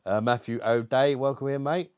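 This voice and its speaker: A man's voice: mid-range voice, steady tone, moderate pace, smooth, dry recording, clean studio sound. A British man hosting a casual live beer stream, chatty and greeting viewers by name, swearing casually and with a lingering cough. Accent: British English. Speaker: livestream host reviewing beer.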